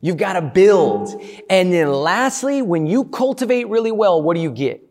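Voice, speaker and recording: A man giving a motivational talk to a live audience, energetic and playful, often asking the crowd questions. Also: high-pitched, normal speed. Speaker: motivational speaker.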